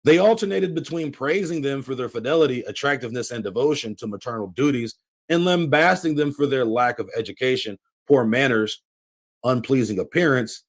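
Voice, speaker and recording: A man's voice: medium pitch, brisk. A man hosting a channel, reading a history book aloud with commentary and putting emphatic stress on quotations. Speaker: channel host.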